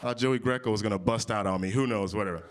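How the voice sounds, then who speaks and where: A man in his early thirties doing improvised stand-up comedy on audience topics, with big jumps in pitch when he quotes people. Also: quick pace, a little hiss or hum. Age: 30s. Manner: animated, jumps high for quoted voices. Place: comedy club stage. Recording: live venue with audience.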